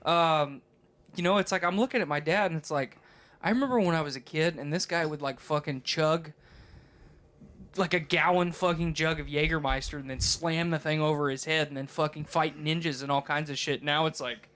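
A man's voice: fairly high pitch, brisk, fairly bright tone. A man in his thirties co-hosting a podcast, talking in a rambling, profane, casual way and laughing often. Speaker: podcast co-host.

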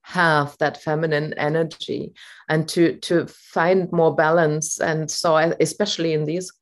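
A woman's voice: low-pitched, flat delivery, measured pace. A woman voice coach talking as an interview guest, thoughtful and hesitant, with many fillers. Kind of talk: interview guest, reflective chat.

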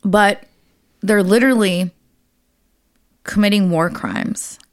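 A woman co-hosting a casual podcast chat, talking bluntly and swearing freely as she tells animated stories. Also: medium pitch, slow, no room sound, clean studio sound. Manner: blunt, profane, animated storytelling. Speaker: podcast co-host.

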